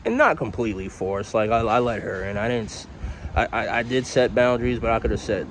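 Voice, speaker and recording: A man's voice: on the low side, expressive, brisk, fairly bright tone, slight background noise, poor audio. A young man telling a personal story in a casual storytime vlog, rambling, candid and profane.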